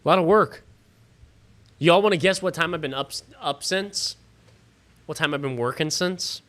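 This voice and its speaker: A man's voice: on the high side, normal speed, fairly bright tone. A man hosting a fantasy football livestream from his home studio, chatting loosely with viewers, swearing casually and sounding tired and yawning.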